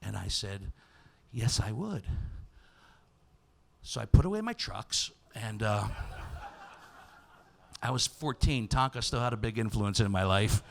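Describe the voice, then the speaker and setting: A man hosting a comedy show, telling a self-mocking story on stage and breaking into loud, excited impressions of his younger self. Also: on the low side, unhurried, creaky, a little hiss or hum. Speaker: comedian host. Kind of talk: stand-up storytelling monologue. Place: on stage before a live audience.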